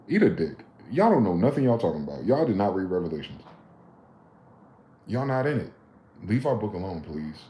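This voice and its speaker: A man in his late thirties, live-streaming a heated, profane, preachy rant whose loudness swings sharply. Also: on the low side, sing-song, brisk, a little hiss or hum. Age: late 30s. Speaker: livestreamer. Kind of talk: ranting livestream monologue. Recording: roomy echo.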